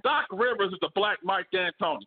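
High-pitched man, sports talk co-host, lively and slangy, heard over a phone-like call. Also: a little fast. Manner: animated, laughs often, slangy. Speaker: podcast co-host. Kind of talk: casual sports debate. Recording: phone-like remote call audio.

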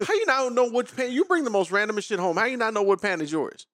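A man hosting a podcast, telling a long story with frequent laughter in a loose, animated way. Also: high voice, fast talker, no echo, clean studio sound. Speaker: podcast host. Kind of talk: casual storytelling chat.

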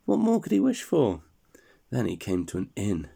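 A man reading a fairy tale aloud to a child in a relaxed, chatty way, stopping to explain and laugh. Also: lowish voice, normal speed, gravelly, slightly rough.

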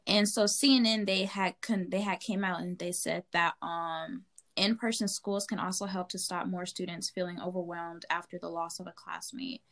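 A woman's voice: on the low side, fairly even intonation, normal speed, a bit bright. A woman co-hosting a podcast who chats casually with frequent fillers, then reads out a news summary. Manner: chatty, with frequent fillers and likes. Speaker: podcast co-host.

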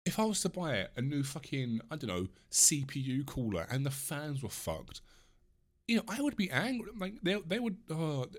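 A man in his mid-twenties ranting on his own, swearing often, restarting sentences and apologising for rambling. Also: on the high side. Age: mid-20s. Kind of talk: solo rant.

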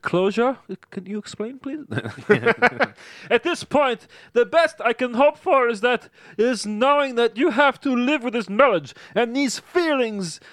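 A man reading a grieving young man in a table read, high and halting. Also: a bit bright, dry recording, clean studio sound, full character voice. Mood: bitter.

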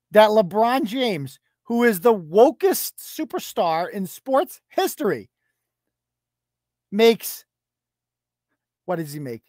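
In a clean studio recording with no room sound, a podcast host with a mid-range voice delivers profane, mocking commentary in the form of a rant.

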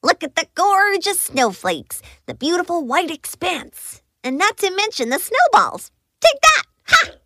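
A cheerful, playful little bunny from a bedtime story, voiced by a woman. The voice is very high and bright, with wild leaps in pitch. It sounds dry and close to the mic. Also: a little slow, hardly any pauses, no room sound, full character voice. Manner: bubbly, excitable storybook voice.

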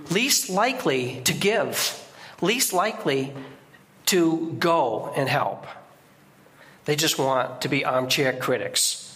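A man preaching a sermon as a guest preacher in a church, in a conversational way with sudden emphatic rises in pitch. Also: a bit bright.

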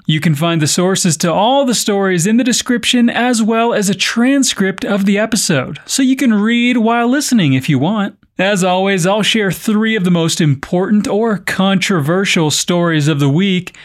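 Man, podcast host, reads news, wry joking asides, slightly higher voice. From North America. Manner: playful, wry comments between read stories.

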